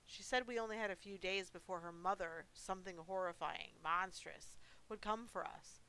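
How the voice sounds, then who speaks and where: A woman's voice: fairly low pitch, moderate pace, sharp tone. A woman streaming a horror game, reading its story dramatically and breaking off for cheeky, giggly commentary. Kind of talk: reading game story aloud with playful asides.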